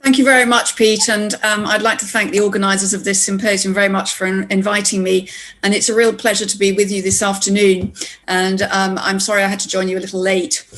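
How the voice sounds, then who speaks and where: A woman's voice: medium pitch, little pitch movement, brisk, a bit bright. A woman consultant, politely opening her conference talk over a video call. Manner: polite, courteous. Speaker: consultant respiratory physician.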